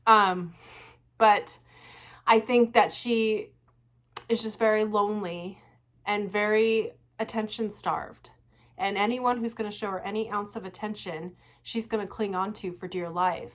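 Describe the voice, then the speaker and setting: A woman vlogging her casual reaction commentary, animated and laughing often, with frequent swearing. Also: mid-range voice, measured pace.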